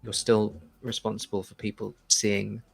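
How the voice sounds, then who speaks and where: A man on a game panel, quick and joking as he suggests questions to his teammates. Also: fairly low pitch, little pitch movement, gravelly, slightly rough. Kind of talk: casual game-show banter.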